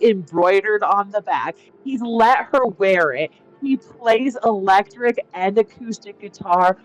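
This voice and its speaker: A woman's voice: medium pitch, low-quality recording. A woman playing her character in a tabletop game, rambling and chatty, full of filler words. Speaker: player.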